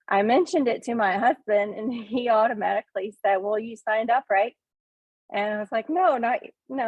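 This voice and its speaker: A middle-aged woman with a Southern accent from Tennessee, a farmer telling her story in casual, hesitant talk with many pauses and ums. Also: medium pitch, vocal fry, no echo. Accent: Southern US (Northeast Tennessee). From Northeast Tennessee. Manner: hesitant, lots of ums, self-deprecating laughs. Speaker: farmer, coaching student. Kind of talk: casual testimonial on a video call. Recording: tinny phone-like line.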